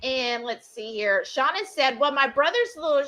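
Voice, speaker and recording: A woman co-hosting a home cooking livestream, gushing warmly as she reads out viewer comments. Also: high voice, lively intonation, normal speed. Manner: bubbly, gushing over viewers. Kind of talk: casual chat, reading viewer comments. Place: home kitchen.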